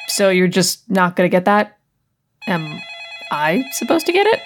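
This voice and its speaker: Woman doing a sarcastic fed-up roommate, a bit low voiced, comedy audio play. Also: sing-song, a little slow, a little hiss or hum. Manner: dry and sarcastic.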